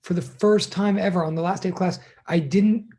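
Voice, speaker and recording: A man's voice: high-pitched, fairly even intonation, fairly quick, dark tone. A middle-aged male college teacher on a video call, chatting casually and rambling as he greets his students one by one. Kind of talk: casual online class greeting.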